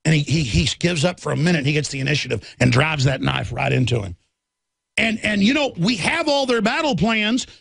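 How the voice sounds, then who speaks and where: A man's voice: fairly high pitch, sing-song, brisk, gravelly, a bit bright, husky, dry recording. A man hosting a political radio talk show, ranting in a fiery, combative way from a studio.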